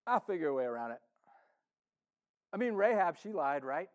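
A male pastor preaching a sermon in a conversational, playful way, acting out the congregation's thoughts and swinging between loud emphasis and soft asides. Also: on the high side, big pitch swings, moderate pace.

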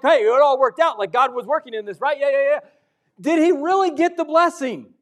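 A male pastor preaching a sermon, moving between loud urgent stretches and hushed, intimate ones. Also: extremely high pitch.

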